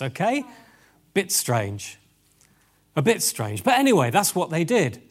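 A man preaching a lively sermon, animated and exclamatory, addressing the audience directly. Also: high-pitched. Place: event hall with tables.

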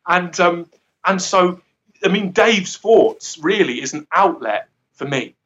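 A man's voice: high-pitched, animated, slow, a bit bright, highs cut off. A man giving an earnest, rambling devotional talk who often laughs at himself. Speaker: guest speaker.

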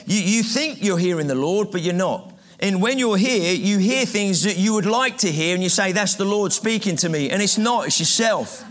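A man with a noticeably high voice delivers a sermon to a live audience. He talks conversationally rather than formally. He repeats his phrases and stops to ask the room questions. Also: expressive, normal speed, few pauses, a bit bright. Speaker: preacher.

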